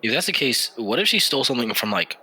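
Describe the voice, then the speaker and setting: Bright-voiced young man joking around. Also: mid-range voice, sing-song, slightly rough. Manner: joking, teasing, quick asides. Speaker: podcast co-host. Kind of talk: casual comedic chat.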